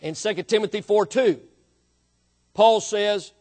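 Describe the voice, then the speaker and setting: A man preaching a sermon, emphatic, swinging from quiet explanation to loud drawn-out emphasis. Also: sits high. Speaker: pastor.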